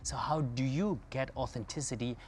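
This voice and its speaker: A man's voice: medium pitch, moderate pace, darkish tone, a little hiss or hum. Agreeable conversational man. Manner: conversational, agreeable, brief answers. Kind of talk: interview chat.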